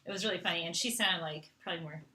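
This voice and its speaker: A woman's voice: on the low side, very fast, bright, forceful tone. A middle-aged woman from Canada hosting a casual live Q&A, chatting and reading out viewer questions. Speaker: host.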